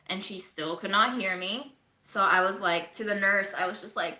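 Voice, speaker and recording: A woman's voice: medium pitch, normal speed, pushed and bright, roomy sound. A woman recovering from covid, chatting candidly to viewers on a home livestream, swearing casually. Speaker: livestreaming vlogger.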